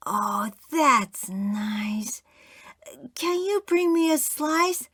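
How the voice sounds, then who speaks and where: A woman voicing a grumpy old grandfather on his deathbed, speaking weakly and hushed. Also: sits high, slow, no room sound, clean studio sound, pitched above the performer's own voice. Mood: wistful.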